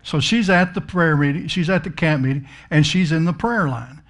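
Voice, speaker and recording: A middle-aged man delivers a sermon as a told story, folksy and emphatic. His voice sits a little high for a man, and he leans hard on the words he wants to land. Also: moderate pace, a bit bright. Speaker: preacher.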